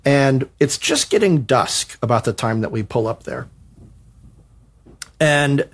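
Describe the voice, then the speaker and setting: A man on a podcast telling a personal anecdote, animated and self-mocking. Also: mid-range voice, takes it slowly. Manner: animated, self-mocking retelling that acts out quoted dialogue. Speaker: podcast co-host. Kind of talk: storytelling anecdote.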